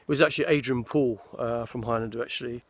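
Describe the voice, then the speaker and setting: A man in his sixties, an actor, speaks at medium pitch with a steady tone, a quick pace, and a slightly bright quality. Out in a forest, he casually rambles through stories of his film career, meandering and restarting as he goes in this anecdotal chat.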